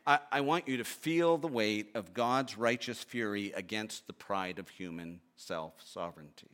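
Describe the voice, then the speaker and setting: Bright-voiced man preaching with swelling intensity. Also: moderate pace. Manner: dynamic delivery, swinging from loud emphatic bursts to low hushed pleading; reads scripture aloud, then expounds with repeated rhetorical questions. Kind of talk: sermon.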